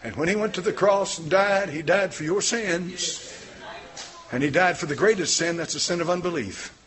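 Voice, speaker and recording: An older male pastor delivers a sermon with a fairly high voice. He talks plainly and folksily, then builds from quiet, close talk to shouted fervor. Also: normal speed. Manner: folksy, plain-spoken preaching.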